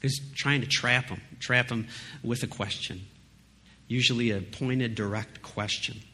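A man preaching in a relaxed, conversational way, leaning on emphasis and quick asides. His voice sits fairly low. Faint background noise hums under the recording. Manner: conversational, emphatic, frequent "you know" and "right?". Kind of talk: casual sermon.

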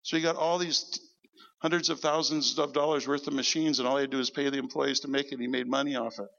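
A man preaching as pastor, telling stories in an animated sermon and quoting people in a lower voice. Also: fast, vocal fry, long reverb tail, dull audio, a little hiss or hum. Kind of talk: sermon storytelling. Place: church service.

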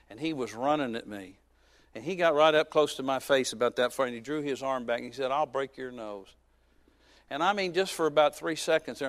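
In a creaky, mid-range voice, a man in his fifties delivers a sermon as a pastor. He shares a personal story, slips in jokes, and swings from loud to soft.

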